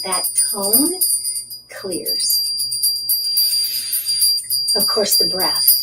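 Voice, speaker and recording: A middle-aged woman hosting an angel card reading live stream, talking in a gushing, halting way with repeated words, sometimes dropping to a breathy whisper while guiding breathing. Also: mid-range voice. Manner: soft, breathy at times, drops to whispers during breathing guidance. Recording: slightly distant mic with faint background hiss.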